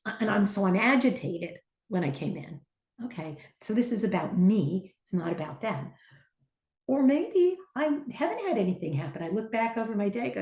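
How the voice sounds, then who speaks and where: A middle-aged woman teaching on a podcast, an animated storyteller who acts out the voices she quotes. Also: mid-range voice, normal speed. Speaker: podcast guest, teacher and trainer. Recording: echoey room.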